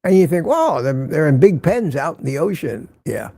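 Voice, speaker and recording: Older male livestream host from Central Florida, rambling casual chat, husky and gravelly, dry close sound. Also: fairly high pitch, sing-song, normal speed, dark tone, dry recording. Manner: rambling, reads viewer comments aloud.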